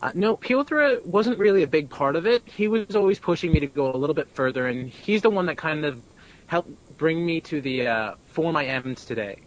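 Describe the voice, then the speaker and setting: A man's voice: on the high side, animated, moderate pace, highs cut off. A young man being interviewed about his voice acting, chatty and brash, laughing and swearing freely. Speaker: abridged-series voice actor, interview guest. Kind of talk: casual interview.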